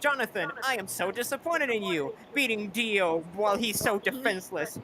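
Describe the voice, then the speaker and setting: A woman's voice: mid-range voice, expressive, moderate pace, natural voice, poor audio. A woman voices a strict, disappointed father sending two boys off after a fight. Chatter fills the background. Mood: scolding. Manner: scolding, stern. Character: stern disappointed middle-aged father.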